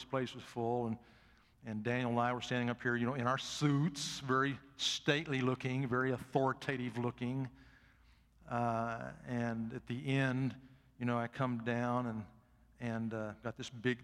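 Folksy older male preacher, big hall. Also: medium pitch. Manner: folksy, swells to loud emphatic peaks, then drops soft. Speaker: pastor. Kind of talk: sermon. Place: church sanctuary.

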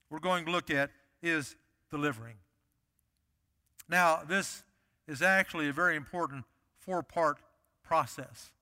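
Male pastor, sermon delivery, emphatic repetition, high bright tone, reverberant church hall. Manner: emphatic, repeats key phrases.

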